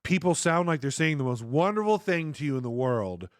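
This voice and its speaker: Man, from the southern US, co-dungeon master, casual chat, animated pitch, rambling, dry close mic. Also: fairly quick, dry recording.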